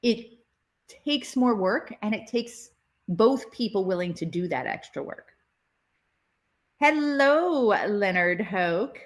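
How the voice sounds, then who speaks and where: A woman's voice: medium pitch, lively intonation, unhurried. A woman teaching relationship communication in a live session, chatting to her viewers as she explains. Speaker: relationship educator. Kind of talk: live interactive workshop session.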